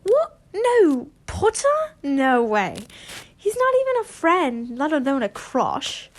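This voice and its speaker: A woman's voice: very high-pitched, very animated, slow pace, a little mellow, voice pushed up, exaggerated voice. A woman voicing a proud, flustered teenage wizard boy, with yelping denials and a put-on accent, in a storybook reading. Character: young male wizard student, proud and flustered.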